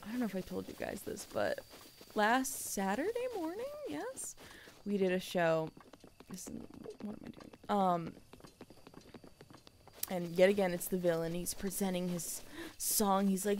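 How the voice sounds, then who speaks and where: A woman streams a video game and chats along casually, swearing mildly now and then. Her pitch swings about in a lively way while she talks. Her tone stays loose and conversational, full of fillers. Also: moderate pace, a little hiss or hum. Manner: chatty storytelling with frequent fillers and mild swearing. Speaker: gaming streamer. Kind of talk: casual let's play commentary.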